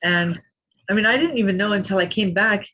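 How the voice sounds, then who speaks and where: A woman in her fifties tells an anecdote as a podcast guest. She narrates with energy and slips into voices for the people she quotes. Her pitch sits in a middle range. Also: fairly quick. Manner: lively anecdote teller who acts out quotes. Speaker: interview guest. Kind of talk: storytelling in a podcast interview.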